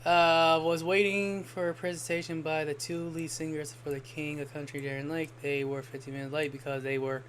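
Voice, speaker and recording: A man streaming a game and telling a rambling story in casual chat, swearing freely and getting animated when he quotes people. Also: a little high, a little fast, hardly any pauses, slight background noise. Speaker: gaming streamer. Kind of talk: casual storytelling while gaming.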